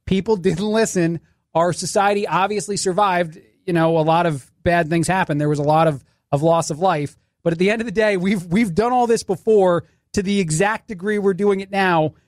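A man's voice: high-pitched, steady tone, normal speed, no room sound, studio quality. A man filling in as a radio talk show host, rambling sarcastically through a casual monologue. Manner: sarcastic, rambling, restarts often.

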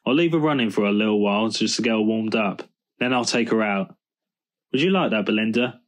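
Hombre haciendo de a kindly garage mechanic. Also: male voice, lowish voice, a little fast, lightly acted. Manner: warm and reassuring, stern when angry. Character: kindly middle-aged male mechanic, firm when crossed.

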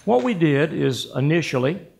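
An older man, giving a measured, deliberate award acceptance speech as a governor. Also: fairly high pitch, very animated, creaky, darkish tone, slight background noise. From United States. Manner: measured, deliberate, emphatic on key words. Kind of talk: formal speech at a podium.

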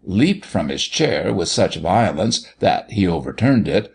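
Male audiobook reader, low gravelly voice, lively, expressive storybook narration. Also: unhurried.

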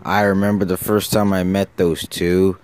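A man voicing a sensible male diesel engine that talks in a calm, cautioning way. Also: sits low, normal speed, music in the background, lightly acted. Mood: amused.

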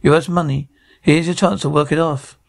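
A rough-edged outback bloke with a heavily gravelly, fry-laden voice pitched a little high. He is blunt and coarse, leaning on people. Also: steady tone, brisk. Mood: pressuring. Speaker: actor in a TV drama. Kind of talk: gritty screen drama dialogue.

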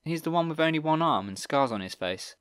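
In an audiobook reading, a man voices a cheerful, easygoing teenage boy soldier, pitching above his own voice to a slightly high, bright, resonant tone. The delivery is brisk, animated, easy, and chatty. The sound is clear studio quality with no room sound.

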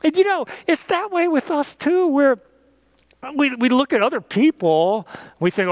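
A pastor telling a children's message story and ending in prayer, gentle and animated with playful sound effects. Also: male voice, extremely high pitch, unhurried, dry recording.

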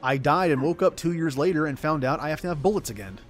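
A man's voice: on the high side, expressive, fast, music in the background. A man chatting casually over gameplay, rambling and poking fun at himself. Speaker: gaming streamer. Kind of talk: casual let's-play commentary.

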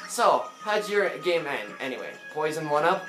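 A chatty underworld shade, as a man puts him on, breezy and full of jokes. He talks loud and a bit high for a man. There is echo in the room, with game music running underneath. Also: big pitch swings, normal speed. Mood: teasing. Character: chatty joking male underworld shade greeter.

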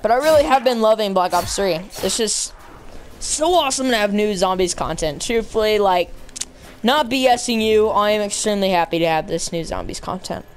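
A woman streams a zombie shooter and talks her way through it in a loose, slangy voice, bursting into excited, gushing exclamations. Her pitch sits in a middle range. A faint background noise runs under the recording. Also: normal speed. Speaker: gamer streaming zombie mode. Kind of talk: casual live gameplay commentary.

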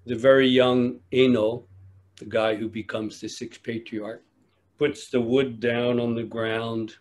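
A man giving a dharma talk at a retreat, telling a teaching story in a measured way with long pauses. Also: mid-range voice, little pitch movement, a little mellow. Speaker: meditation teacher.

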